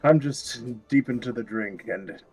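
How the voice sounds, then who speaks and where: A man's voice: medium pitch, measured pace, darkish tone, faint music behind, low-quality recording. A man playing a tabletop game, speaking in a formal, stilted way as his character. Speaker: player. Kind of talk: in-character tabletop role-play.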